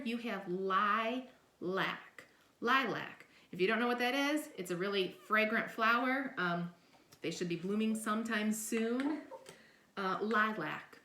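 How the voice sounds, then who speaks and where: A woman's voice: sits high, bright, forceful tone, echoey room. A woman teaching a phonics lesson, patiently sounding out letters and syllables step by step.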